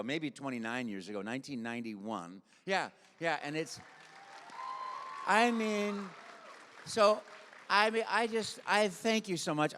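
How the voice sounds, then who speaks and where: Older guy telling stories on stage, lots of sound effects, kinda high voice, big echoey hall. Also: smooth. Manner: animated storyteller, full of sound effects and voices. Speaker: guest voice actor. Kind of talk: storytelling on a convention stage. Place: convention stage in a large hall.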